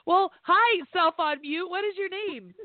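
Bubbly podcast host on a tinny line. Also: female voice, extremely high pitch, a little slow, no echo. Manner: bubbly, laughs easily. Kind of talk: casual chat. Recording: tinny phone line, dry.

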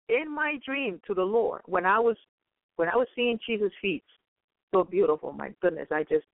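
A woman giving an earnest preaching testimony, halting and repeating her words often. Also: mid-range voice, no room sound. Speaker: guest speaker. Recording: tinny phone-like line.

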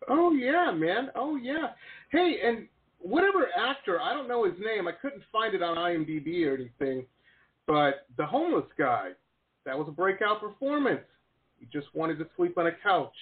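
An enthusiastic male host with a lively, bouncing voice that sits a little high. He chats casually over a thin, phone-like line. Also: normal speed. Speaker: interview host. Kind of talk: casual interview talk.

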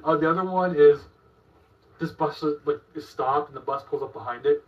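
A man's voice: a little high, brisk. A man in casual podcast chat, telling anecdotes in a matter-of-fact way. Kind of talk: casual storytelling. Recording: distant, dull-sounding podcast audio.

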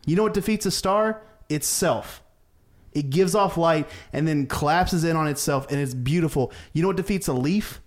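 Comedian podcast co-host, male, higher-pitched, deadpan roast delivery. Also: normal speed. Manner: mock-serious, deadpan roast; laughs at his own jokes. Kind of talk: comic rant on a podcast.

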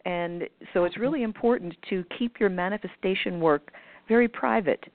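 A woman's voice: mid-range voice, normal speed, no room sound. A woman guest talking casually and at length, with many fillers and restarts, sometimes acting out other people's voices. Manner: acts out others' voices in quoted asides. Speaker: guest speaker on manifestation. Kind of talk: conversational explanation over a call. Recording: tinny phone line, dry.

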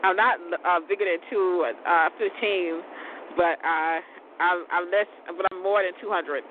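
With a steady tone and measured pace, this show host keeps things loose and rambling, laughing a lot and swearing mildly. The sound is tinny and phone-like, over a vehicle's rumble.

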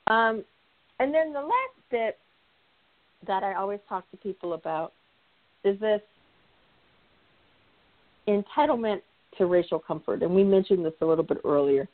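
A woman facilitator talking through a conversational discussion, stressing her points by repeating key phrases. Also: medium pitch. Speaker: guest, nonprofit consultant and facilitator. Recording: tinny phone-like line.

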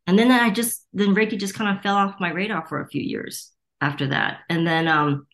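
A woman's voice: medium pitch, steady tone, moderate pace, fairly bright tone. A middle-aged woman from the United States, a Reiki teacher, telling stories in an interview and acting out the voices of people she quotes. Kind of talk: storytelling interview.

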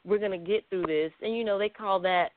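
A man's voice: sits high, fairly quick, a little hiss or hum. Blunt straight-talking man on a tinny line. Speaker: counselor. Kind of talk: radio interview guest. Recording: dry tinny phone-like line.

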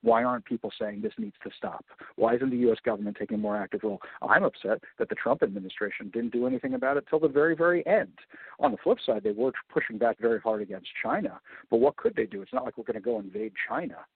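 Indignant man, gravelly, on a phone line. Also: medium pitch, big pitch swings, fast, no echo. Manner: passionate, indignant, emphatic. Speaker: radio show guest. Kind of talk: impassioned political commentary.

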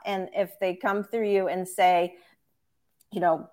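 A woman in a relaxed, casual chat, speaking at an even middle pitch. She agrees easily and quotes how clients might talk. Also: moderate pace.

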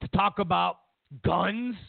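A man's voice: high voice, slow, vocal fry, no echo. A man hosting a political talk show, ranting and mocking as he acts out quotes. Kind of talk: opinionated political commentary. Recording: tinny narrowband audio.

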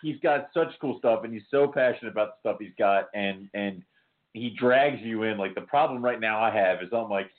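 A man co-hosting a podcast in a teasing, animated casual chat. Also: on the low side, a little fast. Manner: animated and teasing, laughs often. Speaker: podcast co-host. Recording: phone-like line with faint noise.

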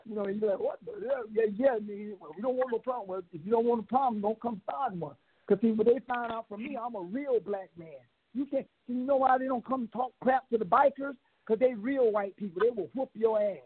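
Man caller, fiery preachy ranter, high husky voice, tinny phone line. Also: a little fast, no room sound. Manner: fiery, preachy, repeats himself. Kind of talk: heated call-in rant.

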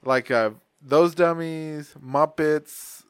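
A man's voice: fairly high pitch, steady tone, extremely slow, smooth, no room sound. A man hosting a podcast, telling stories in a rambling, profane, slangy way. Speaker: podcast host. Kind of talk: casual chat.

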